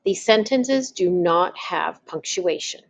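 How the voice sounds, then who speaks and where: A woman's voice: fairly low pitch, expressive, takes it slowly, gravelly. A woman teaching, talking patiently and spelling things out step by step. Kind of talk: slow, deliberate classroom explanation.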